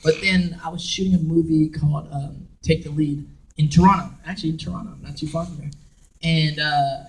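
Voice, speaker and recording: Animated man telling stories from afar. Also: a little high, fairly quick. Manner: animated, laughing storyteller who acts out quotes. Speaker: voice actor guest on a convention panel. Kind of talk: casual panel storytelling. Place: dim convention panel room. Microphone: recorded from the audience by a camera far from the stage. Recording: distant audience recording.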